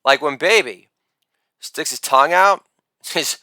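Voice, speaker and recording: A middle-aged man performs stand-up comedy in a boastful, theatrical way, with shouted catchphrases. His voice sits high and swings widely. The sound is bright, smooth and dry, with no room around it. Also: expressive, takes it slowly, pauses often, no room sound.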